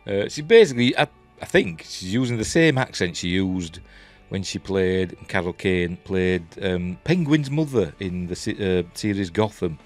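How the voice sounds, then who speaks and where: Deep-voiced Yorkshire man rambling chattily. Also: animated, moderate pace, hardly any pauses, soft background music. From Yorkshire, England. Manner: rambling, chatty, many fillers and restarts. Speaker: TV episode reviewer. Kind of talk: casual spoken review.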